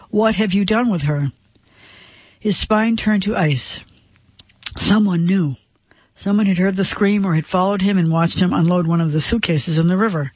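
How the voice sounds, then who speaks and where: Man narrating a suspense story, high voice. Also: no echo, lo-fi sound.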